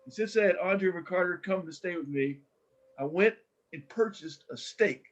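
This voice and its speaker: An older man speaks as a guest in a relaxed interview, fairly high for a man. He tells his stories with animation and keeps restarting his sentences as he goes. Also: moderate pace, highs cut off. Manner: animated storyteller with many restarts. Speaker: guest, former coach. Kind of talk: casual storytelling interview.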